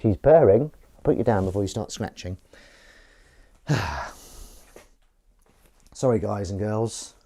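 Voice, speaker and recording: A man's voice: fairly low pitch, expressive, slow pace, pauses often, warm tone. A man with a sweary, grumbling manner, chatting casually to viewers while scrubbing pans at his kitchen sink. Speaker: livestream host. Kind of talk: casual chat while washing up.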